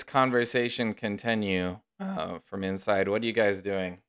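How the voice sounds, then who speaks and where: A man narrating a tabletop game as game master, unhurried and descriptive. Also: lowish voice, fairly bright tone, clear, resonant tone.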